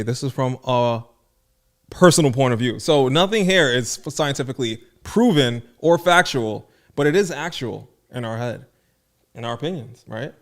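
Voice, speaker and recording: Casting note: man, casual podcast co-host, rambling storyteller, mid-range voice. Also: medium pitch.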